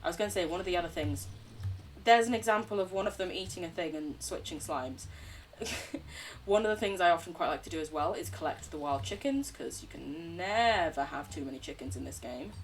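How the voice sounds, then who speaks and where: Chatty girl streaming a game, lively up-and-down voice, mic kinda far off. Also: on the low side, brisk, slight background noise. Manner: chatty, bubbly, talks to chat. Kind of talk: casual gameplay commentary.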